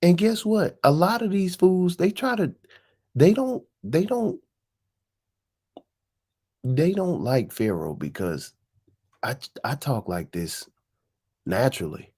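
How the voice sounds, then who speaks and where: A man hosting a casual, profane chat, animated and quick to burst into laughter. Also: fairly high pitch, slightly rough. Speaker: host. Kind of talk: casual chat with a rapped verse.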